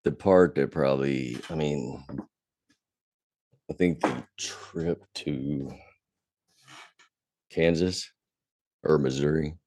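Pausing often at a slow pace, a man with a rumbling low voice recounts a profane tale as a podcast guest, growing animated and louder when angered. The studio-quality recording has no room sound.

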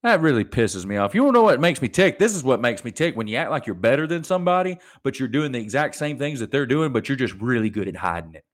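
A man's voice: medium pitch, very animated, fast, hardly any pauses. A young adult man hosting a solo podcast, ranting animatedly and mocking people in put-on voices. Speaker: podcast host.

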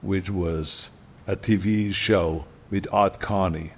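A man's voice: low voice, steady tone, slow. Older man with an Austrian accent. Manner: emphatic, repeats key phrases for punch. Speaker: guest. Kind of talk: casual storytelling.

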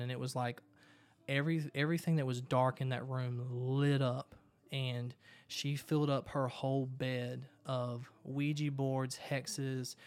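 A man's voice: medium pitch, vocal fry, clear, resonant tone. A man earnestly retelling a story in casual talk, with frequent restarts.

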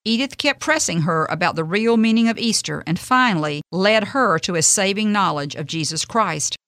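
A woman hosting a radio devotional, reading a faith story in an earnest, gentle, measured way. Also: mid-range voice, expressive, no echo, clean studio sound.

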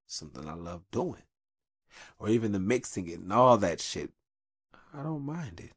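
Man in his thirties, podcast host, casual monologue, blunt, profane, animated delivery. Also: fairly low pitch, normal speed, slightly rough, no echo, clean studio sound. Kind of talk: casual monologue, advice rant.

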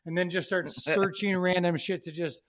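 A man's voice: high voice, steady tone, moderate pace, fairly bright tone. A young man co-hosting a podcast in casual chat, blunt and emphatic, swearing heavily. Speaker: podcast co-host.

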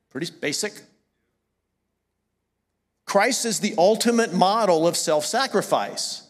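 Man, pastor, Southern US accent, middle-aged, high voice, church hall reverb, casual emphatic sermon. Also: fairly bright tone. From American South. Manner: conversational, self-correcting, emphatic. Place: church sanctuary.

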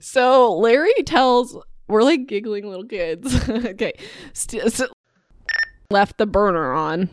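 A woman's voice: medium pitch, slow, dry recording. Podcast host: a giggly, scattered woman on a dry close mic, chatting casually and constantly restarting. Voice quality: giggly, keeps breaking into laughter. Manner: scattered, self-interrupting, restarts. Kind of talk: casual chat, bloopers. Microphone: desk mic close by.

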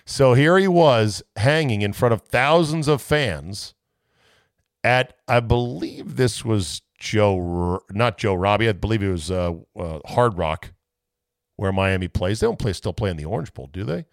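A man hosting a sports podcast, chatting loosely and mocking himself, often jumping into high playful voices. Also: lively intonation, a little slow, no echo, studio quality. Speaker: sports radio host. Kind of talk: casual podcast monologue.

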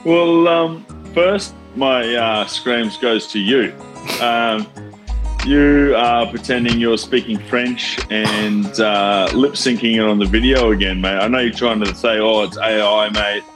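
A man's voice: medium pitch, slow pace, over music. A young man in casual podcast banter, swearing freely and teasing his co-host. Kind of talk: casual chat.

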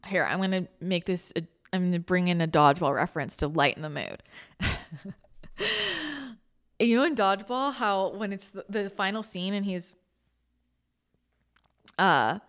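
A woman's voice: mid-range voice, animated, measured pace, long pauses. A woman hosting a spiritual podcast, talking in a chatty, rambling way with many restarts, emotional and close to tears. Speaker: spiritual channel and podcast host. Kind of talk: casual spiritual talk.

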